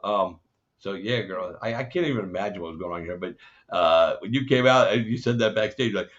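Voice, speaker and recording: Deep-voiced man rambling as interview host. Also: a little fast, fairly bright tone. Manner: rambling, profane, many fillers. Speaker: podcast host. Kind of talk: casual interview. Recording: dull lo-fi audio.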